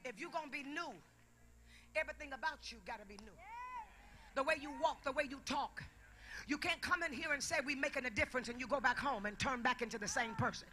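A woman preacher delivering a sermon in a large church, swinging from hushed murmurs to shouted climaxes and repeating her phrases. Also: high voice, fairly quick.

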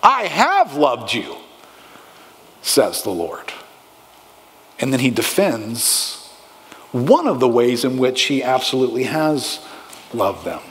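A man's voice: medium pitch, very animated, takes it slowly, pauses often. A male pastor preaching a sermon with emphatic, rising delivery, often asking the congregation questions. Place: church sanctuary. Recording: long hall reverb.

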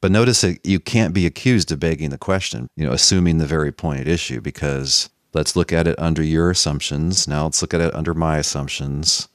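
A man hosting a casual podcast talk about theology, explaining his reasoning in a wry, measured way. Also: a bass voice, dry recording, clean studio sound. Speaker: podcast host.

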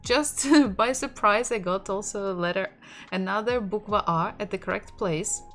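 A woman's voice: medium pitch, normal speed, a bit bright, faint music behind. A woman from Russia, a native Russian speaker with a Russian accent, teaching a casual online language lesson, repeating words aloud and laughing lightly as she goes.

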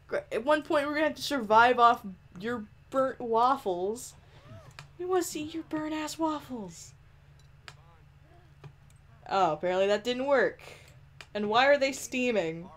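A playful woman giving game commentary with a slightly high voice that swoops up and down a lot. She giggles often and teases the characters, scolding them directly as she plays. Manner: talks straight to the characters on screen. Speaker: let's play host. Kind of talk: gameplay commentary.

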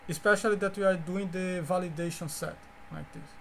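High-voiced man teaching code, halting. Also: steady tone, creaky, slight background noise. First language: Portuguese. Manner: halting, repeats words, many fillers and restarts. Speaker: course instructor. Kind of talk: coding lecture walkthrough.

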